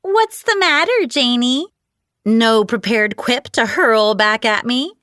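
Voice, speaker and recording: A woman voicing a petty young female rival who talks in a fake, whiny high-pitched baby voice with mocking, sugary friendliness. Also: expressive, takes it slowly, a bit bright, dry recording, clean studio sound.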